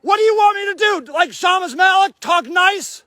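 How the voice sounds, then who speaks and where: Brief: high-voiced angry man, dry close phone mic, yelling accusations at officials. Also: animated, moderate pace, dry recording. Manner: shouting, furious, accusatory. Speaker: homeless advocate livestreaming. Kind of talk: angry confrontational livestream. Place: outdoor homeless camp in snow.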